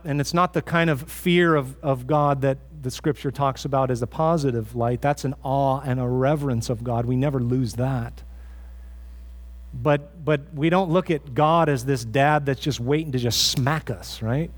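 A man's voice: mid-range voice, moderate pace. A man preaching a sermon as pastor in a church, earnest and conversational, often restarting his phrases.

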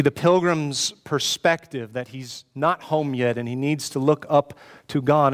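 A man's voice: medium pitch, a bit bright, clean tone, in a large hall. A man preaching a sermon as pastor, earnest and pleading, often asking rhetorical questions.

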